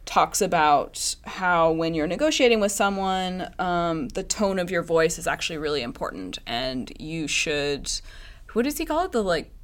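A woman's voice: lowish voice, animated, normal speed. A woman co-hosting a podcast, talking casually and loosely, with lots of fillers and easy laughter. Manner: chatty, many "like" fillers, laughs easily. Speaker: podcast co-host. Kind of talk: casual discussion. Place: lives in the Bay Area.

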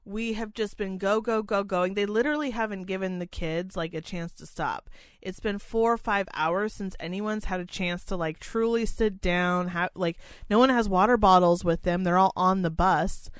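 A woman chatting casually about a school trip as a chaperone, swearing freely and ranting with sarcasm, and mimicking other people in high mocking voices. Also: moderate pace, hardly any pauses, clean tone, no room sound. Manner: profane, exasperated, sarcastic ranting. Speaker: parent chaperone telling a story. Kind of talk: casual storytelling chat.

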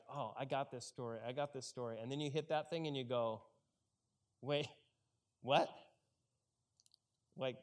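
A man preaching a conversational sermon and acting out the characters' lines as he retells the story. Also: mid-range voice. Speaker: pastor.

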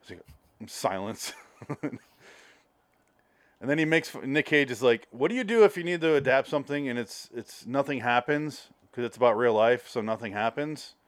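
Animated man in a dry room. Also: mid-range voice, normal speed, no room sound. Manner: animated, acts out scenes with profanity. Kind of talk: casual movie discussion.

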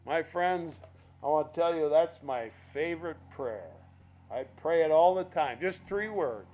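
Slow, high-voiced preaching man. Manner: animated storytelling, acting out voices, slow emphatic delivery. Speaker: pastor. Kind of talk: sermon.

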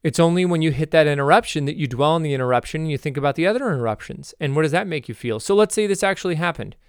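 A man's voice: fairly high pitch, expressive, rapid-fire, smooth, dry recording, clean studio sound. A man hosting a motivational podcast monologue, rambling, correcting himself and cracking jokey asides. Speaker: podcast host.

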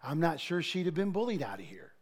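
High-voiced pastor preaching. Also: male voice, fairly quick. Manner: animated preaching with asides and laughter. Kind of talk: sermon.

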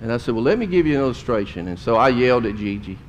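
A middle-aged man preaches in a homespun, storytelling way and lets emotion show. His pitch sits in an ordinary middle range. Faint background noise runs under his voice. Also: lively intonation, racing, dull audio. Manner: folksy, emotional storytelling with drawled Southern phrases. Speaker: pastor. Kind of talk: sermon storytelling.

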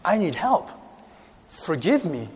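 A man's voice: high-pitched, sing-song, takes it slowly, a little mellow, breathy edge, pitched above the performer's own voice, exaggerated voice. Contrite pleading Peter, male, read by a preacher, reverberant hall. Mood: remorseful. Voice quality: earnest and pleading. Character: remorseful Peter, a grown man begging forgiveness. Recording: long reverb of a large hall.

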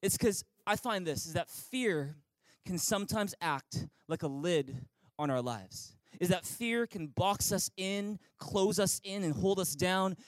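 A man's voice: high voice, moderate pace, no echo, poor audio. A man preaching as pastor in an online church service, upbeat and inviting, leading listeners in call-and-response. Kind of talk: sermon.

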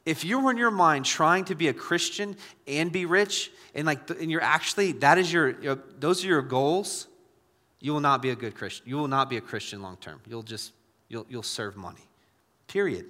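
A man pastor preaching a sermon, repeating key phrases and swinging from hushed asides to loud exhortation. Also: a little high, moderate pace. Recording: long church reverb.

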